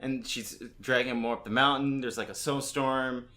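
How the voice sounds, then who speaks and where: A man's voice: mid-range voice, steady tone, moderate pace, pushed and bright. A man co-hosting a podcast, narrating a comic book plot step by step, with fillers and quoted lines. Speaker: podcast co-host. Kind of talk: casual comic book discussion.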